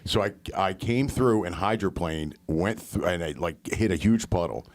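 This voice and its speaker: A man's voice: sits low, normal speed. A man co-hosting a comedy podcast, telling profane, self-mocking anecdotes in a rambling way. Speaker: podcast co-host. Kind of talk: casual comedic storytelling.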